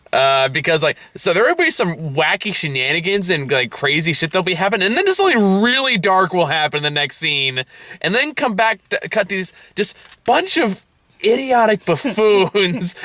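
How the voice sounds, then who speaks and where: A man's voice: high-pitched, sharp tone, dry recording. A man hosting a casual movie review chat, rambling and laughing often as he trails off mid-sentence. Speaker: movie review show host.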